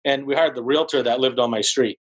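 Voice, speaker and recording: A man in his forties, a podcast guest, telling his story in an animated, casual way with many fillers like "like". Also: brisk, low-quality recording. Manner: animated storyteller, heavy use of "like", jumps into higher voices for quotes. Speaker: podcast guest, real estate broker.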